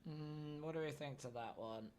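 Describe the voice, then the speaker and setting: A man's voice: a little high, normal speed, darkish tone, slight background noise. A young man streaming live, chatting casually and thinking aloud while building a character.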